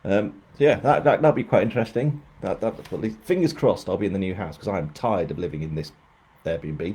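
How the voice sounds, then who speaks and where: A man rambles through a casual live-stream chat, mocking himself as he goes. His voice sits low and sounds mellow and slightly husky. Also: fairly quick. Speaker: author.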